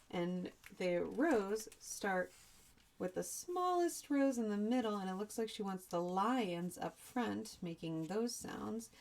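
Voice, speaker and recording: A woman teacher reads a storybook aloud for young children at an unhurried pace. She stops often for chatty asides and to explain words. Her pitch rises and falls in a lively, expressive way. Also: a little hiss or hum. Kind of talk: reading a picture book aloud to young children.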